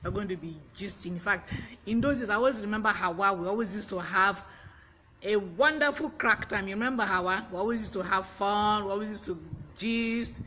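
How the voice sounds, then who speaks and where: A man's voice: sits high, a little fast, sharp tone, a little hiss or hum. A man giving a chatty live-streamed vocabulary lesson, greeting viewers by name and laughing often. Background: fan blowing.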